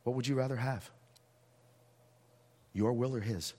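A middle-aged pastor preaching a sermon, moving from hushed asides to shouted lines and acting out dialogue. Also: male voice, medium pitch, a little slow, long reverb tail.

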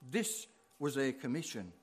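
A man's voice: mid-range voice, sing-song, measured pace. A middle-aged man preaching a sermon as pastor, with rising emphasis on key words.

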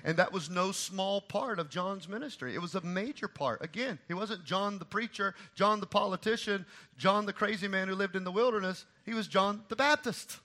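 A middle-aged man preaching a sermon as pastor, swinging from quiet asides to loud, repeated emphatic lines. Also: high-pitched, moderate pace.

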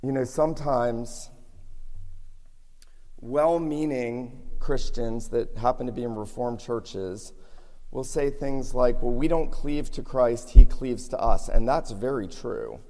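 A man's voice: medium pitch, slow pace, warm tone. Preaching man in a reverberant hall. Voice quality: scratchy voice. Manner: earnest, building to emphatic peaks. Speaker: pastor. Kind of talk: sermon. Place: church sanctuary.

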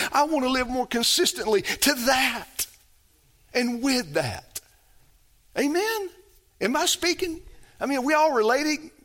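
A man preaching a sermon, moving from loud emphatic phrases to soft, low asides and calling out to the congregation for responses.

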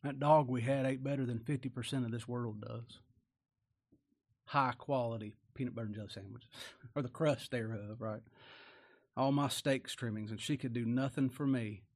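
A man's voice: mid-range voice, fairly even intonation, normal speed. A man preaching a folksy sermon, often asking rhetorical tag questions and chuckling.

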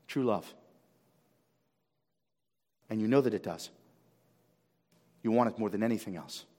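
A male pastor preaching a sermon with animated swings of pitch and volume, often repeating words as he builds. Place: church sanctuary. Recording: long reverb of a church hall.

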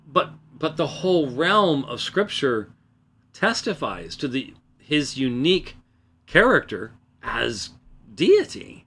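A man hosting a religious program alone in a small room, talking emphatically and loudly into a close microphone, restarting his sentences. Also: mid-range voice, sing-song, moderate pace. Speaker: host of a religious debate program. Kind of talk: solo spoken commentary. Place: small room, away from the usual studio.

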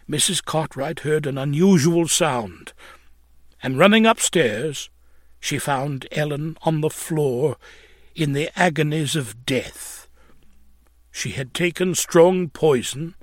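A man's voice: a little high, no echo, clean studio sound. A man narrating an old religious tract in a solemn, mournful, preaching manner, swelling at points of emphasis.

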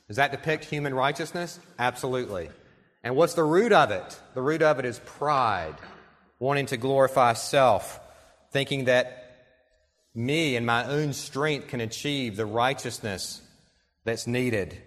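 A man preaches in a church sanctuary, his mid-pitched voice carrying earnest conviction as he reads quotations aloud. He slows down to press key points home. The sound trails off into the long reverb of a large hall. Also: a bit bright. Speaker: pastor. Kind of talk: sermon.

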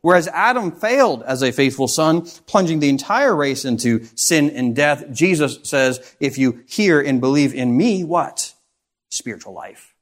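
A man's voice: on the high side, lively intonation, normal speed, few pauses. A man preaching a sermon, reading scripture aloud and asking rhetorical questions in an earnest, expository way.

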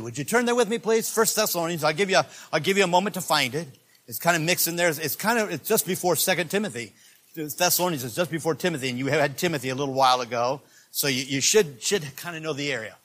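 A man preaching a sermon as pastor, animated, joking with the congregation and shouting with excitement. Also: on the high side.

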